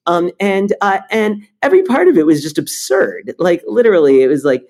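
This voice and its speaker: A man's voice: high voice, fairly quick. A man, a startup founder, talking bluntly and with energy in an interview, swearing now and then. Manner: animated and blunt, swears, tells stories with energy. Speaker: startup founder and CEO, guest. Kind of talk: conversational interview.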